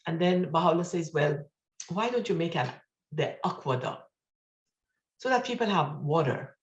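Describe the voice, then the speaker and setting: Excitable woman telling stories, echoey room. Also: on the low side, measured pace. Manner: excited, acts out quotes, laughs often. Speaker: speaker at an online study session. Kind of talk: animated storytelling talk. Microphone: video call.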